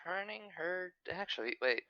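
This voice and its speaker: A man with a bright, forceful voice chats as a player in a tabletop game. He speaks into a headset, and the sound comes across dry and lo-fi. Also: high-pitched, lively intonation, normal speed, dry recording. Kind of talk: casual tabletop game chat.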